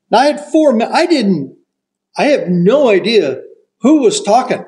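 Older male raconteur, high-pitched, lively anecdotal delivery. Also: normal speed, rough recording. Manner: animated raconteur, acts out quotes. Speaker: golf broadcaster telling a story. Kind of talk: casual storytelling.

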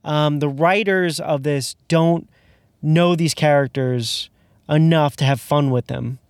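A man's voice: a little high, fairly even intonation, slow, dry recording, studio quality. A man in casual film chat, rambling with many fillers and restarts. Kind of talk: casual movie review chat.

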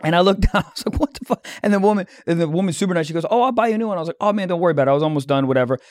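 A man with a slightly high voice tells loose, rambling anecdotes. He pads them with fillers and laughs into the punchlines. The recording is close and dry. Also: expressive, racing, a little mellow, no room sound. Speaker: comedian, podcast co-host. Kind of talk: casual storytelling.

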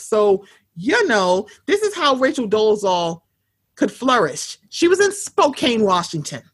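A woman co-hosting a casual chat show, talking bluntly with plenty of swearing and animated storytelling. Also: medium pitch, a little slow, slightly rough. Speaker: podcast co-host.

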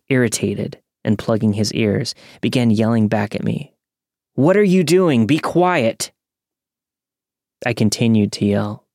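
A young man narrates a true scary story in a calm, measured way. His voice sits low with a gravelly edge. The recording is close and dry. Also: no room sound.

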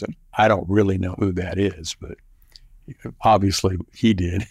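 A man's voice: sits low, fairly even intonation, unhurried, long pauses, a little mellow, husky, no room sound, studio quality. An older man from Southern California telling a personal story in a folksy, conversational way, restarting phrases as he goes.

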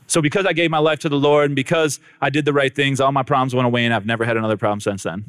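A man's voice: mid-range voice, fast, a bit bright, dry recording. A man tells his life story to an audience as a testimony, in a dramatic way. He acts out both sides of each conversation and turns to talk straight to the listeners. His mid-range voice is recorded close and dry, with no room sound. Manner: speaks directly to the crowd. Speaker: speaker giving a personal testimony.

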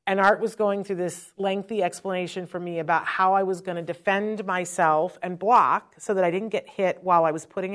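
A middle-aged woman hosting a chatty advice talk, telling stories in an animated, frank way. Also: on the low side. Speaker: host. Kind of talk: live-stream advice talk.

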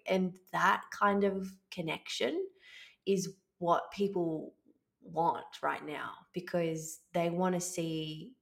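A chatty woman hosting a podcast, with a low, gravelly voice. She talks loosely and swears casually. Her delivery is relaxed and conversational. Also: slow pace. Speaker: podcast host.

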